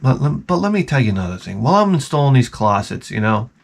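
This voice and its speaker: A man who installs closets, telling a profane, animated story in a casual rant and acting out the people in it. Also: mid-range voice, fast, creaky.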